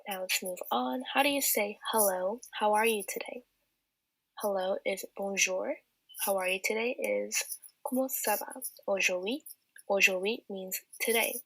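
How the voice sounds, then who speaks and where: A teenage girl talks through a beginner language lesson, explaining each point patiently and step by step. Her voice is bright and a little husky. It is recorded close and dry, with no room sound. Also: mid-range voice, a little slow, no echo, poor audio. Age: teens. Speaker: student tutor. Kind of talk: slide-based language lesson.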